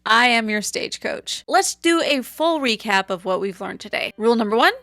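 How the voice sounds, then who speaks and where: Chatty woman with a gravelly edge. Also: fairly high pitch, normal speed, dry recording, studio quality. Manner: chatty, animated, acts out quotes. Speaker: vlogger. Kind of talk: casual storytelling to camera.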